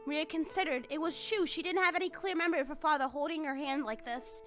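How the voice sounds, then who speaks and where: A high-voiced woman streamer narrates a visual novel and breaks into emotional exclamations. Her tone is bright and sharp, and faint game music plays under her voice. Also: fast talker. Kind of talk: let's play reading and reacting.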